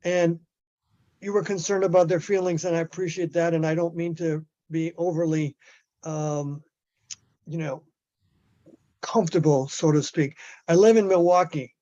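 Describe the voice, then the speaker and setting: Man, high voice, emphatic activist on a muffled lo-fi call, stumbles and restarts. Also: steady tone, normal speed, pauses often, warm tone. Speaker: activist in a group discussion. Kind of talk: impassioned group discussion.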